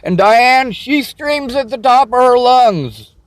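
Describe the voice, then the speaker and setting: A man's voice: very high voice, animated, slow, hardly any pauses, dry recording. A man venting to camera in an agitated, profane, repetitive rant. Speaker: vlogger. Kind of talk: angry personal rant to camera.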